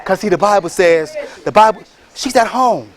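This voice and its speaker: Brief: man, high voice, preacher-style motivational speaker, calls out for crowd replies, sudden shouts. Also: animated, normal speed. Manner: preacher-like, rallying the crowd with call-and-response and shouted bursts. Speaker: motivational speaker and franchise entrepreneur. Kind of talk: motivational speech.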